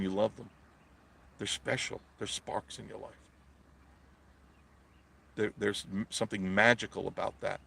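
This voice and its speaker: A man's voice: lowish voice, gravelly, breathy edge. A man hosting a live stream, delivering a blunt, preachy monologue and answering viewer comments.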